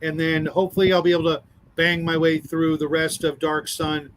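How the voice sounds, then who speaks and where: A man's voice: on the high side, completely flat delivery, a little fast, slight background noise, low-quality recording. Hesitant man plugging his channel. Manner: hesitant, many fillers. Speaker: streamer promoting his channel. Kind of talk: casual live-stream chat.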